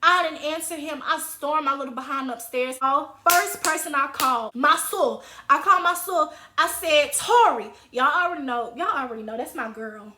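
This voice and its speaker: A young woman in her twenties telling a story in a casual vlog, animated and dramatic, with acted quotes. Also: sits high, moderate pace, few pauses, slight background noise. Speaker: vlogger. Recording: roomy echo.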